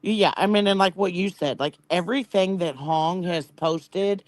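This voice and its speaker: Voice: mid-range voice, normal speed. A panel guest on a livestream, chatting casually in a rambling way with many fillers. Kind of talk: casual chat.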